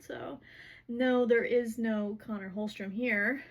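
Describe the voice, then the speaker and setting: Woman, casual book recap vlog, rambling, lots of fillers, slightly high voice. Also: fairly even intonation, takes it slowly. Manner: rambling, heavy use of "like" and "whatever".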